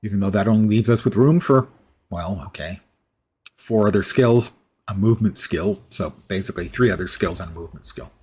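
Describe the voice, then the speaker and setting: A man's voice: on the low side, brisk, darkish tone, breathy edge. A man streaming a video game and talking through it casually, musing aloud, correcting himself and dropping dry asides. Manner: musing, self-correcting, drily humorous. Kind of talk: casual gameplay commentary.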